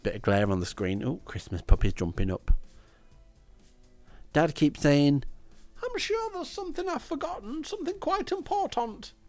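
A man reading a comic diary aloud in a deadpan way, with crude asides. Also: lowish voice.

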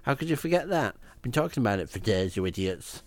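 A man reading a comic diary aloud in a deadpan way, with crude asides. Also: fairly low pitch, fast.

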